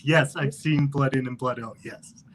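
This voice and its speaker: A man's voice: mid-range voice, moderate pace, slight background noise, rough recording. A man in casual chat on a live stream, telling call-center stories and slipping into character voices. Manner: animated, slips into character voices. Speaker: guest reviewer on a live stream. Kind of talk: casual chat, storytelling with impressions.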